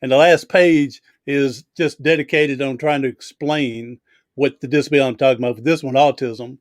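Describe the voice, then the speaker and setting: A man's voice: medium pitch, steady tone, normal speed, dry recording, studio quality. A man hosting a casual video chat, telling stories in a chatty, easygoing way. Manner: storytelling, chatty, laughs easily. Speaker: host.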